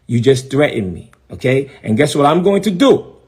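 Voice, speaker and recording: A man's voice: mid-range voice, big pitch swings, normal speed, a little mellow. A middle-aged man, a bishop ranting defiantly on a live stream and repeating his phrases for emphasis. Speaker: bishop and preacher.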